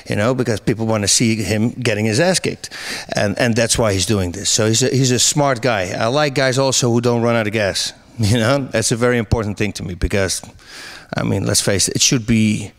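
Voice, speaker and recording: Animated middle-aged man telling stories. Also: lowish voice. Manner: animated storyteller, laughs often, many restarts. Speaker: interview guest, MMA commentator. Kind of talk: casual interview chat.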